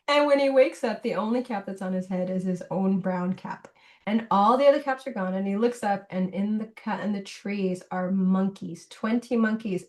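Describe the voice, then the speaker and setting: A middle-aged woman, a children's book illustrator, chatting as a guest in an interview and telling stories with lots of laughter. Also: medium pitch. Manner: animated storyteller, laughs often. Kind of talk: casual interview chat.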